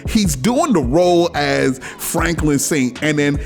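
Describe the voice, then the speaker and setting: A man hosting his own podcast, talking casually and excitedly, often breaking into laughter and exclaiming. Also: fairly high pitch, takes it slowly, vocal fry, soft background music. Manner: animated, laughs a lot, exclamatory. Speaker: podcast host. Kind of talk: casual solo commentary.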